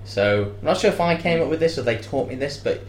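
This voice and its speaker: A young man co-hosting a casual comedic chat, rambling and jokey, now and then bursting into loud mock shouts. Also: a little high, expressive, fast, a little hiss or hum. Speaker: co-host. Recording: echoey room.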